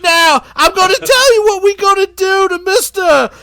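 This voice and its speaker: A man voicing a wild, shouting male serial-killer wrestler in a high, strained voice. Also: lively intonation, normal speed, exaggerated voice. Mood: hyped. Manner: yelling, high-pitched, strained.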